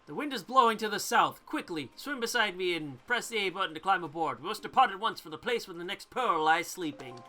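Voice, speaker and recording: A regal old talking boat giving formal, urgent orders in a bright, lively voice, as a woman reads him out. He sounds like a video game character, with faint music in the background. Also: on the low side, brisk, few pauses, poor audio. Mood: solemn.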